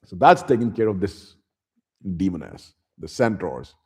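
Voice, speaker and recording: A man's voice: low voice, very animated, moderate pace, slightly rough. A man retelling a book in a casual recap, loose and slangy, with chuckling asides. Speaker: YouTube host retelling a book.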